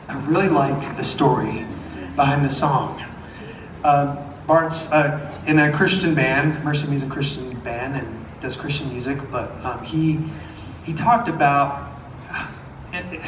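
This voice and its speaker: A man's voice: fairly high pitch, a little hiss or hum. A young man with a slight Southern twang, a singer chatting between songs at a concert, rambling with lots of fillers. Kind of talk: concert stage talk. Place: concert venue. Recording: echoey venue from far off.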